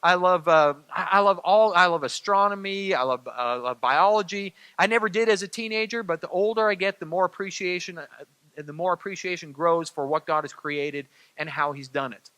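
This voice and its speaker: A man's voice: high voice, a little fast, pushed and bright, clear, resonant tone, no room sound. A middle-aged man preaching a sermon as pastor, in a conversational way that keeps checking in with the congregation. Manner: conversational, repeats phrases, asks "right?" of the crowd.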